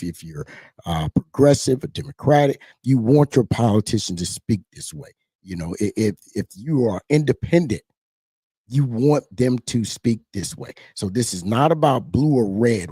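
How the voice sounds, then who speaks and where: A man's voice: fairly low pitch, warm tone, breathy edge, no echo, clean studio sound. A middle-aged man rambling casually as a livestream host, often repeating himself.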